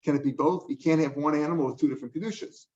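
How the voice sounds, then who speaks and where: Older male Talmud teacher, slightly high voice, conversational, checks in often, dull lo-fi sound. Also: very fast, darkish tone. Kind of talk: explaining a Talmud page line by line. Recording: dull lo-fi recording.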